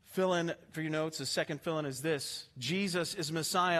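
A male pastor preaching a sermon with passion, swinging from hushed, slow lines to emphatic ones. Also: a little high.

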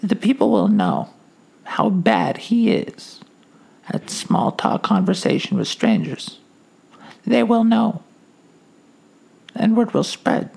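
A man plays a woman who has no fear at all, and she speaks slowly with a defiant edge. Her voice is gravelly and husky, and it rises and falls widely. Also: sits high, big pitch swings, a little mellow, voice pushed up, heavily acted. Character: fearless resolute woman at a bus stop. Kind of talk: comedy podcast bit.

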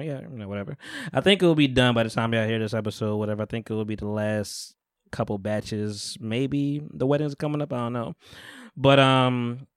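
A man's voice: medium pitch, clean tone, dry recording, clean studio sound. A man hosting a podcast, recapping a reality show in casual chat and acting out the people in it. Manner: animated storytelling with laughs and playful voices. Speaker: podcast host.

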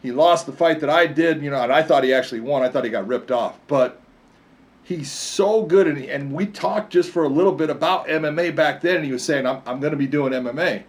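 A man in casual conversation, retelling fight stories with animated energy. His voice sits a little high for a man, and he laughs readily between anecdotes. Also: a little fast. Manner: animated storyteller, laughs often. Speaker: co-host, fight commentator. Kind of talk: casual chat.

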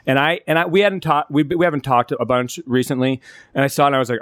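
A man's voice: medium pitch, steady tone, fast, a bit bright, no room sound, studio quality. A man co-hosting a casual podcast chat, talking with heated, profane passion and frequent restarts. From California. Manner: impassioned, profane, restarts a lot when upset. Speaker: podcast co-host.

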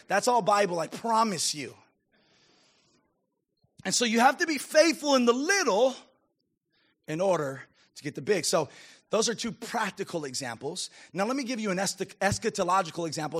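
A man's voice: high voice, lively intonation, a little fast, fairly bright tone, husky. A man preaching a sermon as a pastor, emphatic and calling out to his congregation. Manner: emphatic preaching with audience call-outs.

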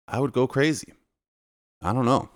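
Speaking at medium pitch and normal speed, a man from Canada who works as a DJ and vlogger rambles to camera in a relaxed, casual monologue, restarting often. The sound is studio-clean, without any room sound.

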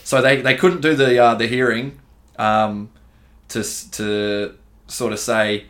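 A man's voice: on the low side, steady tone, moderate pace, a bit bright. An Australian man co-hosting a casual podcast, laid-back and swearing freely, calling his listeners dude and bro. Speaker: podcast co-host, gym owner and coach.

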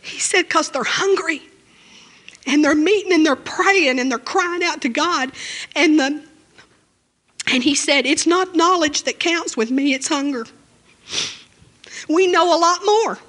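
A woman's voice: high voice, unhurried, pauses often, fairly bright tone. A woman preaching a sermon in church, emotional and fervent, with frequent amens and hallelujahs.

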